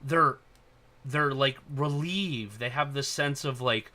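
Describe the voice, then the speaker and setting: Man, podcast host, bright tense voice, excited and profane, faint hiss. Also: medium pitch, unhurried. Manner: excited, profane, loud when acting out scenes. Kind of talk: casual chat.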